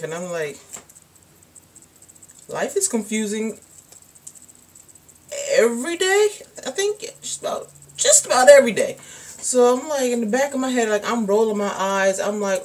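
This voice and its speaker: A woman's voice: a little high, big pitch swings, a little slow, pauses often, slight background noise. A young woman vlogger telling a personal story in a casual, rambling way, full of "like" and "um". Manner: rambling, candid, lots of "like" and "um".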